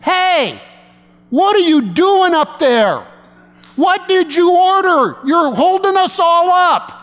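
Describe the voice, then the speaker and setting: A man acting out an impatient, loud middle-aged woman who shouts bossily from her car, in a sermon story. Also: very high voice, lively intonation, takes it slowly, big-room sound, voice pushed up, exaggerated voice. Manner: shouting, bossy.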